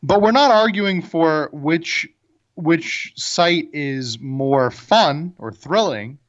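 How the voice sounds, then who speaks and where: A man co-hosts a casual debate podcast, opinionated and frequently restarting his sentences. His fairly high voice is animated but unhurried, and the audio is dull and lo-fi.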